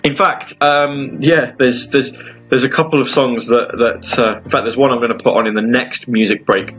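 A man's voice: mid-range voice, normal speed. Brief: young male radio host, rambling solo chat, slightly dull lo-fi sound. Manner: rambling, full of restarts and sighs, animated bursts. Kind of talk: casual solo radio talk between music. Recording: slightly dull lo-fi audio with faint music.

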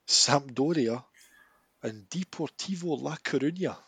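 Animated Scottish man, slightly husky. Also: on the high side, slow, no echo. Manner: animated, laughs often, emphatic rants. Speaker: podcast co-host. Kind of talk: casual chat.

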